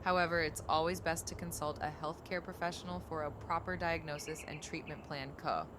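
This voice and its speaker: A woman's voice: sits low, fairly even intonation, brisk, background noise, lightly acted. A woman voicing a perky, catlike female AI chatbot, reading its replies aloud in a sing-song way on a live stream. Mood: calm. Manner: sing-song, tacks a cute tag onto every sentence.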